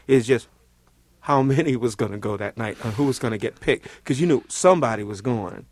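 A man's voice: medium pitch, a little fast, breathy edge, no room sound. A man from Louisiana, a Vietnam veteran, telling his story in a rambling, vivid way that is full of "like" and "you know". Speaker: Vietnam veteran, former Marine. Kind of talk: casual storytelling interview.

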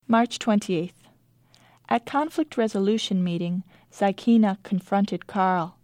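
A woman reads from her classroom diary with a dry, wry delivery. Her voice sits mid-pitch and the sound is close and dead, with no room around it. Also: unhurried, a little mellow, no echo. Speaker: teacher. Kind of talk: reading diary entries aloud.

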